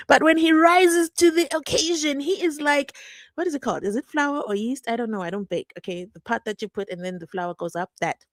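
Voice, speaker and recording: A young South African woman with a South African accent, hosting a live stream in a chatty, animated way and acting out the people she quotes. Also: high-pitched, no echo. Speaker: host. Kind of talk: casual live-stream commentary.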